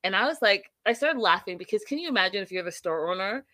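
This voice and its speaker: A woman's voice: medium pitch, animated, fast, pushed and bright, no echo. A young adult woman hosting a casual reality TV recap, chatty and opinionated, with playful asides to her viewers.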